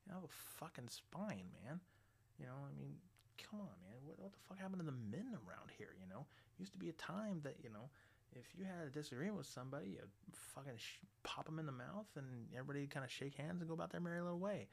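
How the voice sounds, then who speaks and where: A middle-aged man hosting a radio show, ranting bluntly and swearing constantly, loud and animated. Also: a little high, quick pace, vocal fry, husky. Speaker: radio host. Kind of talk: profane ranting monologue.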